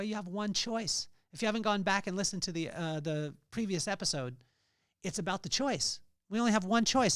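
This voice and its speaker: A man's voice: sits high, no room sound, clean studio sound. A middle-aged man hosting a podcast, giving an earnest faith-based motivational talk with personal storytelling. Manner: earnest storytelling, rising to loud emphasis. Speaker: podcast host.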